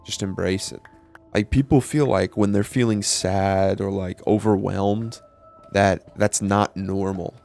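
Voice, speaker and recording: Young male vlogger, deep and creaky, candid casual monologue, faint music bed. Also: fairly even intonation, measured pace, a little mellow. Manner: candid, casual, swears often, many fillers. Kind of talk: personal reflective monologue.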